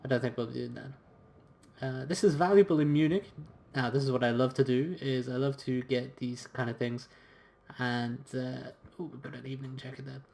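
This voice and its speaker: A man plays a story game and talks through it in a casual, chatty way, then reads the game text aloud. His voice sits at a middle pitch. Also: fairly even intonation, moderate pace, vocal fry, darkish tone. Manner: casual and chatty, with fillers and restarts. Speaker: game streamer. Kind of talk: let's-play commentary and reading game text aloud.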